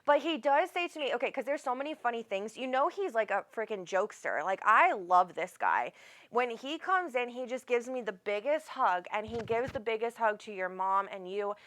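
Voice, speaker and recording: A woman's voice: a little high, sing-song, normal speed, a bit bright. A woman hosting a live psychic reading, talking in a rambling, affectionate way, calling the caller honey and swearing casually. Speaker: psychic medium host.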